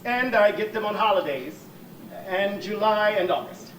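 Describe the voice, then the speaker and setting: A man's voice: high voice, lively intonation, normal speed, fairly bright tone. An actor playing a fussy, sentimental divorced man who rambles tearfully and keeps apologizing, performed live on a church stage. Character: fussy, weepy divorced man, gentle and fretful. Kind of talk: live stage comedy acting. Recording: echoey hall, distant room mic, faint noise.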